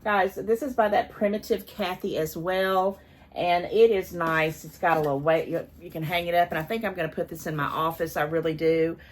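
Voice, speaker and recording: An older woman with grandchildren, chatting warmly as she unboxes friend mail and thanks the sender. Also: on the low side, steady tone, moderate pace. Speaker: haul vlogger. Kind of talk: casual unboxing chat.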